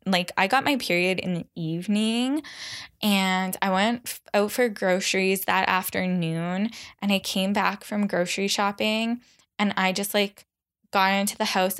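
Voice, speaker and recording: A young woman hosts her own podcast, talking at an unhurried pace in a smooth, clear voice. She chats casually, filling her sentences with "like," and slips into a high, exaggerated voice whenever she quotes someone. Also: fairly bright tone. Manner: chatty, lots of "like", acts out quotes in a high voice. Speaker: podcast host. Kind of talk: solo podcast chat.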